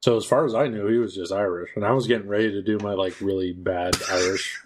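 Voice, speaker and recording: A man's voice: fairly low pitch, fairly even intonation, fast, background noise. A young man co-hosting a casual podcast chat with dry wisecracks. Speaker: podcast co-host.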